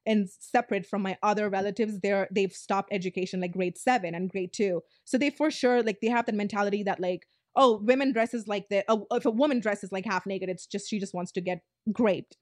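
A woman's voice: medium pitch, no echo, studio quality. A woman in her twenties hosting a podcast, telling a story in a blunt, casual way, swearing freely and saying "like" a lot. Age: 20s. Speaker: podcast host.

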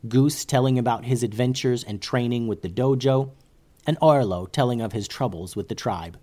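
Male storyteller, children's tale, mid-pitch, calm and expressive. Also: normal speed.

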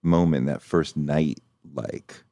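A man with a very deep voice asks thoughtful, empathetic questions. He talks conversationally, with plenty of fillers. The recording is dry and close. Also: steady tone, slow, warm tone, no room sound. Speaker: interviewer. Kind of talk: probing conversational interview.

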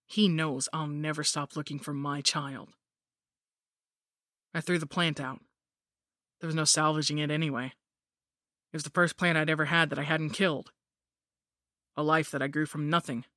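Woman narrator, bright dry close read, measured and grim, horror podcast. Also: low voice, dry recording.

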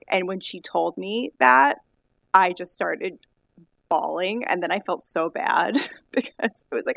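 A woman co-hosting a chat podcast with a lowish, gravelly voice full of vocal fry. She talks in a rambling, halting way, circling back on herself with fillers. The sound is dry and close, with no room around it. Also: fairly bright tone, no echo. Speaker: podcast co-host. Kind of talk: casual chat.

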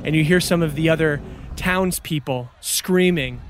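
A man narrating a tabletop game as game master, in a lively, theatrical way. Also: a little high, normal speed, a little hiss or hum.

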